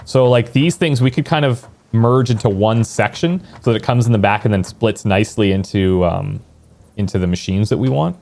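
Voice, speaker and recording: A let's play streamer with a low, gravelly, darkish voice talks at normal speed while streaming a video game. He chats casually, thinks aloud as he plans, and occasionally answers viewers in relaxed gameplay commentary.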